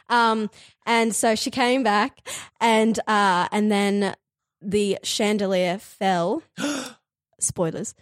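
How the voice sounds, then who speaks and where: A woman's voice: mid-range voice, no room sound, studio quality. A woman co-hosting a casual chat and retelling a story, giggly and rambling with lots of fillers. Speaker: podcast co-host.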